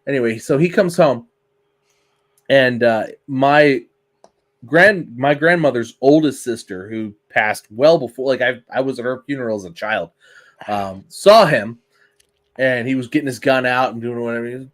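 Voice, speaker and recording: A male podcast co-host in loose, casual chat, swearing freely and telling stories with lively energy. His voice sits in a middle pitch range. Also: moderate pace. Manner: swears freely, animated storytelling.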